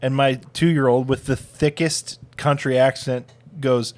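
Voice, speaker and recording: A man in his thirties co-hosts a relaxed podcast chat. He is sarcastic, laughs often and tells his stories in a middle-pitched voice. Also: unhurried. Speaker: podcast co-host. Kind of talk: casual chat.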